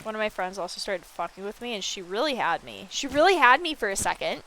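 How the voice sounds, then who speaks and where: A woman streamer chatting casually while she plays a building game, telling stories with animated, excited quoted reactions and swearing freely. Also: mid-range voice, a little fast. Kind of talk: casual chat while gaming.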